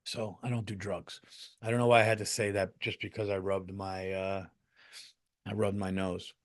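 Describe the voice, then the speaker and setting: Low-voiced and speaking at a normal speed, this middle-aged comedy podcaster tells stories in a loose, lively style. Profanity flows freely, and he jumps into loud, performed quotes.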